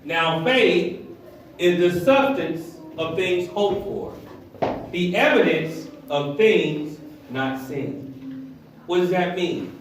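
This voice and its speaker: A man preaching a lively, animated sermon as pastor of a church, acting out voices as he goes. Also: high-pitched, slight background noise. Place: church hall. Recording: echoey hall, heard from far.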